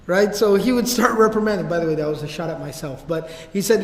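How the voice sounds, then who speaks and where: A man gives a casual, slangy religious history lecture. His voice is fairly high. It carries through a large hall with a long, roomy reverb. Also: fast, hardly any pauses. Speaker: religious teacher.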